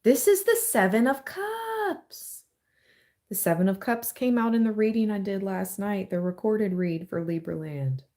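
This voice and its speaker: On a live stream, a medium-pitched woman gives a relaxed tarot reading, speaking slowly and stretching out her phrases. She chats casually and thinks out loud as she works.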